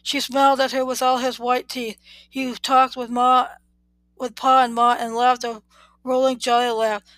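A woman reading a children's book aloud in a steady, plain way, now and then correcting a word. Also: fairly high pitch, unhurried, no room sound, rough recording. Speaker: reader.

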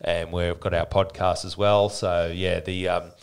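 A deep-voiced fitness business owner, guesting on a podcast, tells stories in a casual interview. He rambles animatedly and often restarts, though his pace is measured and his tone clear and resonant.

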